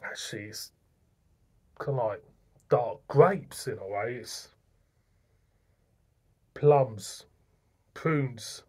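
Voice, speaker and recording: Slow-talking chatty man. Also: medium pitch, animated, mellow, breathy edge. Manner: chatty, laughs at himself, stumbles over names. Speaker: beer reviewer. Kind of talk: casual beer review vlog.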